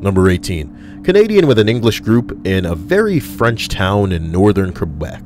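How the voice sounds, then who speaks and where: A man's voice: lowish voice, big pitch swings, normal speed. A man reading stories aloud for a video, with swearing and chatty side comments into a desk microphone. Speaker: online video host. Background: soft background music.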